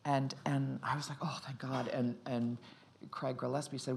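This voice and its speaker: A woman's voice: very deep voice, little pitch movement, moderate pace, vocal fry. A middle-aged actress talking casually in an interview, rambling and restarting her sentences, often laughing.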